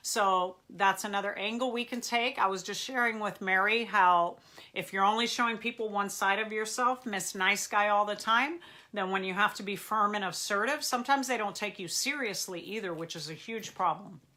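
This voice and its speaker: A woman therapist talks to her live audience in an intense public-speaking voice. Her tone is firm and emphatic. The timbre is bright and forceful. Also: mid-range voice, normal speed. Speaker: therapist and show host. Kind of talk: live question-and-answer talk.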